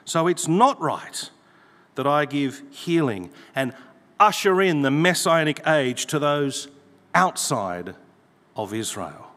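Expressive male preacher. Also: on the high side, takes it slowly. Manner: expressive preaching, reading scripture aloud with emphasis. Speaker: pastor. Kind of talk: sermon. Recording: long hall reverb.

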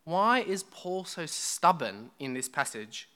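A man's voice: on the high side, very animated, takes it slowly, pushed and bright. A man preaching a sermon to a church congregation, chatty and joking with the people in front of him. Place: church hall.

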